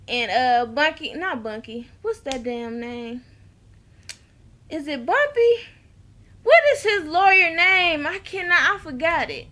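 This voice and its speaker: High, bright-voiced woman recapping a show. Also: unhurried. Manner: animated storytelling, talks straight to viewers. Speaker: TV episode reviewer. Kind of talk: casual recap chat.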